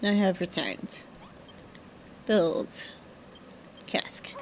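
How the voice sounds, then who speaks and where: A woman's voice: on the low side, lively intonation, very slow, creaky, in a whisper, poor audio. A woman streaming a game, muttering to herself and chatting playfully as she plays. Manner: muttering to herself, playful, reads dialogue aloud. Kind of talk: casual gameplay commentary.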